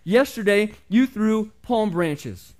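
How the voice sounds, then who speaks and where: A man's voice: mid-range voice, big pitch swings, quick pace, vocal fry, warm tone. A man voicing a proud male donkey who crossly demands attention, read aloud as part of a sermon story. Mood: shouting. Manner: crossly demanding, self-important.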